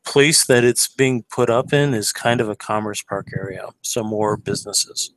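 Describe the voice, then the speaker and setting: A man's voice: lowish voice, normal speed, no room sound, poor audio. A man taking part in a tabletop role-playing game, speaking in a matter-of-fact way. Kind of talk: casual game table chat.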